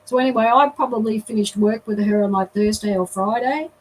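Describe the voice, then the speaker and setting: A woman, a guest telling a lively story in an interview. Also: medium pitch, brisk, far from the mic, a little hiss or hum, poor audio.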